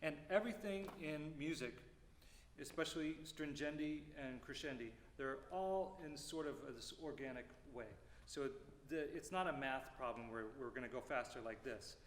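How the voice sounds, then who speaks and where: A man's voice: mid-range voice, moderate pace. Man singing rhythms in echoey hall. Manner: sings rhythms aloud with lively vocables. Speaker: percussion clinician. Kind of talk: music masterclass explanation. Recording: roomy hall reverb, faint noise.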